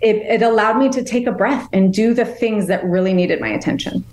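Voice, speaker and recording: A woman's voice: mid-range voice, brisk, a little mellow, roomy sound. A woman guest on a podcast interview, a veteran's wife and caregiver, speaking earnestly and from the heart. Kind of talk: conversational interview.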